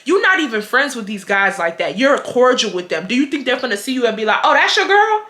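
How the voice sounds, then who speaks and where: A young woman from Houston, telling a story to her viewers in a blunt, animated, profane way with frequent laughter. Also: a little high, fast, roomy sound. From Houston, Texas. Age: 20s. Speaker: vlogger. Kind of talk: casual storytime.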